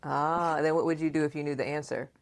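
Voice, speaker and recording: Low-voiced, lively woman podcast host. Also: fast talker. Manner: animated, playful, acts out remembered dialogue; frequent laughter and questioning. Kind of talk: casual conversational podcast chat.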